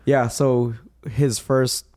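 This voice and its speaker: A man's voice: mid-range voice, little pitch movement, very slow, a little mellow, no room sound, clean studio sound. A man from the Philippines hosting a podcast, talking loosely and swearing casually, calling people dude and bro. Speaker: podcast host.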